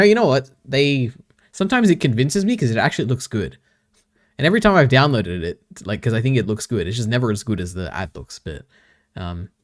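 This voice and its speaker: A man streaming casually, reading his chat aloud and bantering back with frequent chuckles. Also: mid-range voice.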